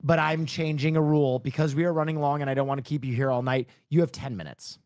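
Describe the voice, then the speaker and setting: A man's voice: a little high, steady tone, quick pace, darkish tone, no room sound. A man with a slightly raised voice announces the rounds of an online contest and keeps things moving. The sound is dry and close. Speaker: game show host.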